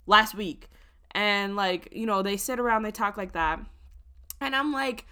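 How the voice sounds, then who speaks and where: A woman's voice: mid-range voice, unhurried, bright, forceful tone, clean tone. A young woman co-hosting a podcast in casual chat, blunt and swearing freely, acting out quoted voices. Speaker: podcast co-host.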